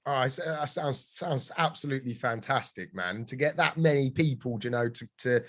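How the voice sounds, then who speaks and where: A man hosting a casual podcast interview, asking halting, encouraging questions. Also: mid-range voice, lively intonation, a bit bright. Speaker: podcast host.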